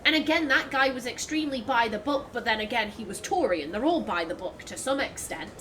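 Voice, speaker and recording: A woman hosting a let's play, her voice high and bright. She talks casually and chattily over the game, swearing freely and laughing easily. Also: animated, brisk, soft background music. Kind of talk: casual gameplay commentary.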